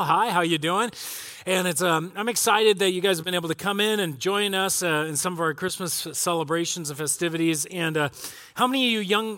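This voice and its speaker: Male pastor, middle-aged, bright and slightly high voice, chatty joking sermon delivery. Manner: chatty, joking, acts out reactions. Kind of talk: casual sermon.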